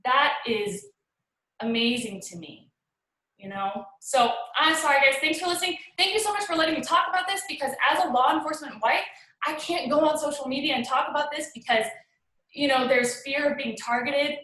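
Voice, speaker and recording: A woman's voice: high-pitched, sharp tone. Earnest woman in an echoey room. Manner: earnest, pleading, with frequent pauses and restarts. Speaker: guest speaker on a group call. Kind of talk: heartfelt personal testimony.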